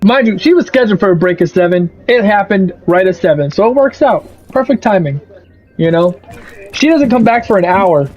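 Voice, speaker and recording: A young man streaming a game, telling a profane, animated story about a bad work shift. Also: sits high, fairly quick. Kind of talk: casual rant over gameplay. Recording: slightly muffled, faint music.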